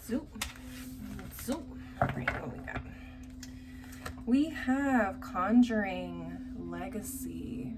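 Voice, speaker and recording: A woman's voice: medium pitch, expressive, slow pace. Blunt, feisty woman reading tarot. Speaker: tarot reader. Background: faint construction noise.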